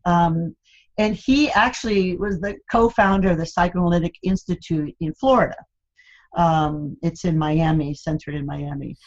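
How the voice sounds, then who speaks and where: An older woman with a lowish voice tells family stories with playful, teasing humor and breaks into laughter as she goes. The recording sounds a little dull and lo-fi. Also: moderate pace. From United States, Cuban American family. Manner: laughs often, animated storytelling with playful teasing. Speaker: guest. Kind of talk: candid conversational interview.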